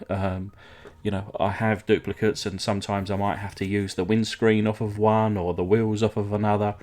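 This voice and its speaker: A man's voice: on the low side, darkish tone. A man from England hosting a casual hobby vlog, chatty and rambling, with lots of ums and uhs. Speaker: diecast restoration channel host.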